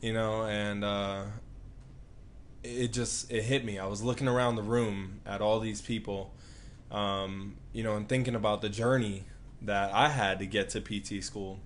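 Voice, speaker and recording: A man's voice: lowish voice, steady tone, measured pace, slight background noise. A man who works as a physical therapist, telling a personal story earnestly and reflectively as a guest in a live interview.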